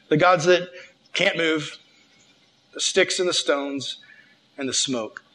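A young man giving a casual, slangy sermon, retelling a scripture story and acting out the characters' lines. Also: a little high. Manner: animated, slangy, acts out the characters. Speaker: preacher.

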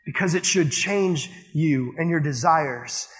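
A man's voice: fairly high pitch, slow pace, faint music behind. A man giving a sermon as a youth pastor, telling a story in a casual, conversational way and often saying "like". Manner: casual, conversational, heavy use of "like".

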